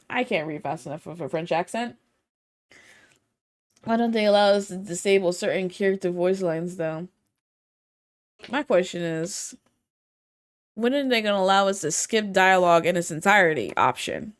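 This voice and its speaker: Chatty woman reading game dialogue aloud. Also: on the low side. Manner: reads game dialogue aloud, quick asides and complaints. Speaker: gaming streamer. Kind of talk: casual let's-play commentary.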